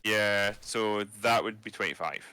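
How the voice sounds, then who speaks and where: A man's voice: lowish voice, a little slow, pushed and bright, clear, resonant tone. A man playing a tabletop game, thinking aloud with hesitations and dry jokes. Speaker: player.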